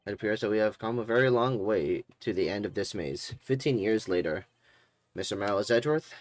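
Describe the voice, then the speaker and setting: A man voicing an older male judge who speaks in a slow, formal, solemn way. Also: lowish voice, no room sound, natural voice.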